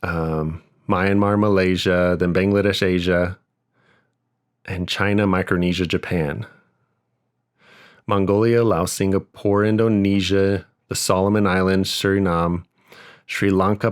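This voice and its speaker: A young man hosting a casual podcast, reciting a long list in quick half-sung rhythm. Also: deep voice, steady tone, clear, resonant tone. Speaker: podcast host.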